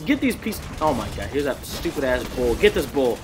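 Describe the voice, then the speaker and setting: A man streaming an online game, giving excited, profane play-by-play commentary and trash-talking the enemy team from his desk mic. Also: fairly high pitch, normal speed, slight background noise. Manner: trash-talking, profane, hyped, swings between mutters and shouts. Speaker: gameplay streamer. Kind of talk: excited live gameplay commentary. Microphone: desk mic at a gaming setup.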